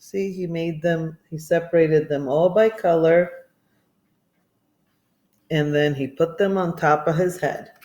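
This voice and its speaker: A woman reading a children's picture book aloud, expressive and asking listeners questions. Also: deep voice, unhurried, long pauses. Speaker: storybook reader. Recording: echoey room.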